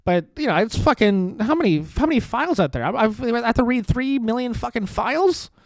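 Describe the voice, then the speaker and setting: A man's voice: extremely high pitch, lively intonation, fairly quick, no echo. A man hosting a comedy podcast, ranting in a profane, sarcastic and rambling way, often cutting himself off. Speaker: podcast host.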